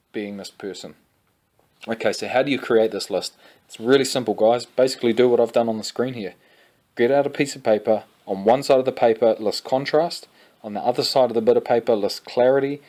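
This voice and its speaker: Energetic young male fitness coach, lowish voice, chatty course presenter who keeps calling viewers guys.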